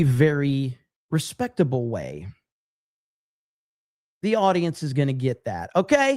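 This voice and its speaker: A man hosting a live stream, chatting casually and with frequent swearing, reading viewer comments aloud. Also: high voice. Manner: casual and profane, reads chat aloud. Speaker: livestream host. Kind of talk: casual live-stream chat reacting to clips.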